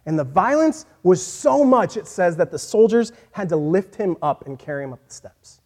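Earnest preaching man, mellow voice. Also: high voice, animated, moderate pace. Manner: earnest, rises and falls from quiet to emphatic. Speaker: pastor. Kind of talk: sermon.

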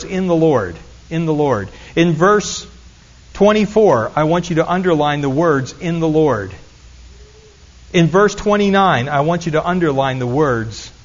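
A man's voice: high-pitched, muffled recording. A man preaching a sermon as pastor, earnestly teaching and repeating key phrases for emphasis.

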